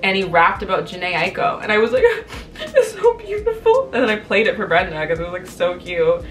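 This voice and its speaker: A woman's voice: on the low side, quick pace, recorded from a distance, faint music behind. Chatty young woman telling a candid story. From Canada. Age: 20s. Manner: chatty, candid storytelling with lively quoted voices. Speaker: vlogger. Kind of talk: casual chat to camera.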